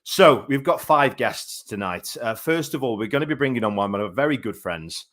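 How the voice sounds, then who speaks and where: A man's voice: medium pitch, lively intonation, moderate pace, fairly bright tone. A man in his thirties hosting a live boxing talk show, chatty and rambling with many fillers. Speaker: boxing show host and commentator.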